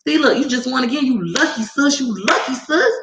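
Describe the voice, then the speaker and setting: A woman voicing a pushy male high-roller at a casino table, loud and coaxing. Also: lively intonation, a little fast, gravelly, echoey room, background noise.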